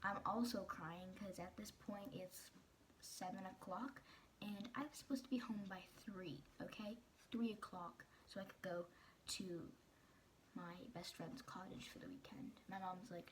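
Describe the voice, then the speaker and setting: A woman's voice: mid-range voice, fairly even intonation, measured pace. Teen girl vlogger, mid-range voice, chatty storytelling peppered with "like", faint hiss behind. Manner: chatty, fillers of "like", quoting people in her story. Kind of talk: casual personal storytelling.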